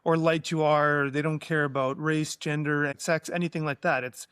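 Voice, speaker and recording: Podcast host man, slightly higher voice. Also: fairly even intonation, normal speed, a bit bright, smooth, dry recording, studio quality. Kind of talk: casual interview chat.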